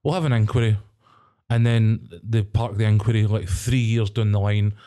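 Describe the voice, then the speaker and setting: Brief: young Scottish podcast co-host, low mellow voice, rambling and animated. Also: male voice, moderate pace. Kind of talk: casual chat.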